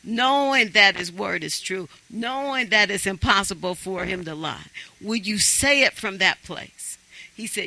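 A man's voice: high-pitched, animated, a little slow, vocal fry, bright, forceful tone, rough recording. A man preaching a sermon, emphatic and urging his congregation on.

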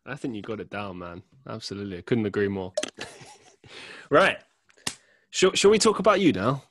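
Lively, agreeable male podcast host. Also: lowish voice, normal speed, a little hiss or hum. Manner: agreeable, laughs along with the guest. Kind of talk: casual interview chat.

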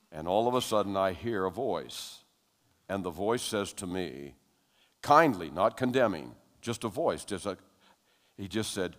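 An older man with a fairly low voice preaches to a congregation, recounting his story like a conversation. His delivery swells into loud, animated stretches. A long hall reverb trails his words. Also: measured pace. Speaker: preacher giving testimony. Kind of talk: sermon storytelling.

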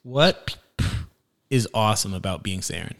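A young father chatting casually with his little daughter in a playful, gentle, teasing way. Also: lowish voice, animated, normal speed.

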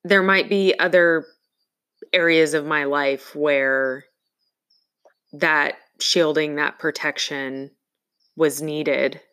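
A woman in casual conversation, telling a personal story in an earnest, reflective way with halting pauses. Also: low-pitched, fairly even intonation, fairly bright tone, clear, resonant tone.

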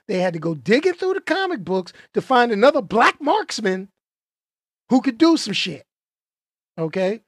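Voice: medium pitch, no echo, studio quality. A movie reviewer talking casually and emphatically, tossing out rhetorical questions and repeating points for effect.

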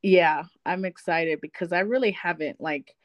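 A woman's voice: on the low side, normal speed, no echo, muffled recording. A woman guest on a podcast telling stories in casual chat, cursing freely and laughing often.

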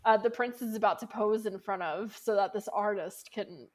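A woman's voice: mid-range voice, moderate pace. A woman co-hosting a casual podcast, chatting and laughing often as she talks. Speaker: podcast co-host. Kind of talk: casual chat.

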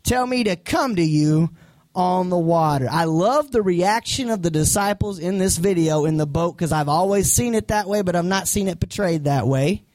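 A man preaching a sermon as pastor, animated and acting out voices from the story. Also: high voice, normal speed, dry recording.

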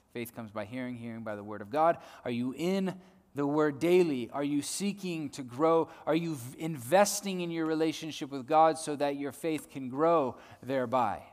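A male preacher giving a sermon, swinging between loud emphasis and soft hushed lines, often repeating words as he builds a point. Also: medium pitch. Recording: long hall reverb.

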